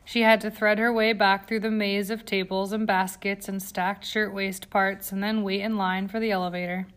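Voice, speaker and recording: Woman narrator, audiobook reading, calm, even, mid-pitched voice. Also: normal speed, clear, resonant tone. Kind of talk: scripted narration.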